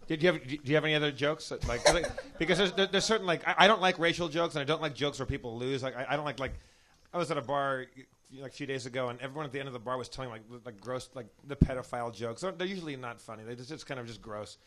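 Quick-talking male podcast regular, mid-pitched, halting stream of "like"s. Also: fairly bright tone. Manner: rapid, halting, lots of "like" and restarts. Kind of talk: live comedy podcast chat.

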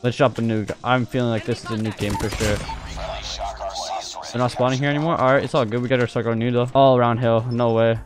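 A young man giving live commentary over his own gameplay, excitable, jumping between loud outbursts and muttered callouts. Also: mid-range voice, fast. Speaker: gaming YouTuber. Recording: music playing under gunfire.

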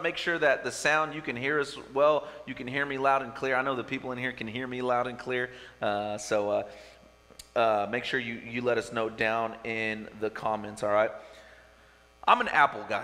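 Bright-voiced pastor in a reverberant hall. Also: male voice, lowish voice. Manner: conversational, many "uh" fillers and restarts. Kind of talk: sermon with prayer and storytelling. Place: church sanctuary with a live congregation.

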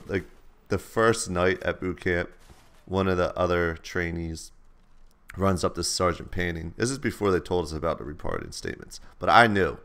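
A man's voice: sits low, fairly bright tone. A man hosting a gaming channel, telling laid-back, slangy stories over gameplay. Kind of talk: casual storytelling over gameplay.

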